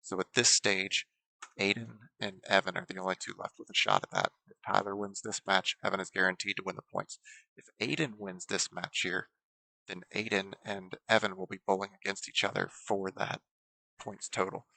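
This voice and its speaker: A man calls a bowling tournament for a livestream, his voice very bright and edged with gravelly fry. He walks through scores and standings in a steady, explanatory way, filling pauses with ums. The sound is dry and close. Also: sits low, dry recording, rough recording. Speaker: bowling commentator. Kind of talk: play-by-play sports commentary.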